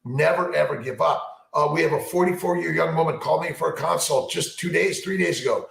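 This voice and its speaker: Here a man answers viewer questions as a fertility doctor in a meandering, cheerful live chat, restarting and repeating himself frequently. He talks fairly quickly in a somewhat high, creaky, slightly bright voice, and the low-quality recording sounds roomy. Expect motivational energy, repetition, and plenty of fillers.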